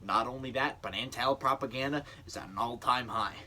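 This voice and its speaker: A young man voicing a low, matter-of-fact male demon henchman giving a report. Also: a little fast, pushed and bright. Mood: briefing.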